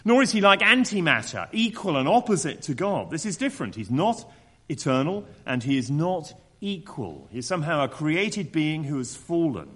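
Lively male preacher. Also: a little high, normal speed, breathy edge. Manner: expressive, acts out quoted voices with mocking tones. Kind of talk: sermon.

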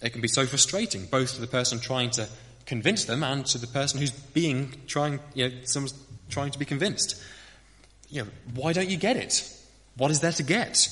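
Earnest, lively male preacher. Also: mid-range voice, in a large hall. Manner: earnest, reflective, rhetorical questions. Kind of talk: sermon.

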